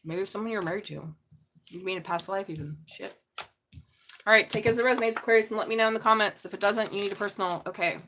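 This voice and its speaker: A woman doing a live tarot reading, excitable and chatty, jumping from loud exclamations to low murmurs. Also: fast, slight background noise. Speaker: tarot reader.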